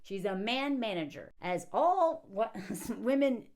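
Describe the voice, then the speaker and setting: A woman with a fairly high voice rants through a casual film commentary. She is sarcastic and animated, often laughing mid-sentence and acting out the characters' lines. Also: slow. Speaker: movie commentator.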